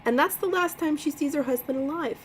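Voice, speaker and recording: A woman voicing a steady, matter-of-fact man with a Boston accent, read aloud from a book. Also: high-pitched, brisk, slight background noise, pitched above the performer's own voice, natural voice, rough recording.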